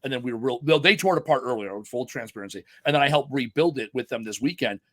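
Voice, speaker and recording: A man's voice: medium pitch, fast talker, a bit bright, no echo, clean studio sound. A middle-aged man hosting a podcast, telling rambling, profane stories in casual chat. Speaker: podcast host.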